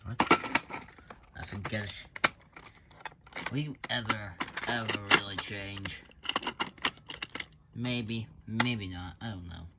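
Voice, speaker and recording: A man's voice: on the low side, takes it slowly, pauses often. A young man voicing a fan-made cartoon short, sarcastic and rambling, with stammered restarts. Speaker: amateur voice actor. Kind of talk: fan animation voice acting. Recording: loud background noise with typing clicks.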